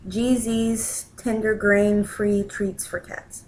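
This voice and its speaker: In a home room, a young woman talks casually through unboxing a package, her voice darkish and slow with little pitch movement, occasionally switching to a high baby voice to coo at her cat. The low-quality recording, made on a built-in laptop mic, has slight background noise.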